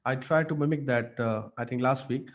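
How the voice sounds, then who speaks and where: A man coaching public speaking in an online mentorship session, energetic and demonstrative with many fillers. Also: medium pitch, normal speed.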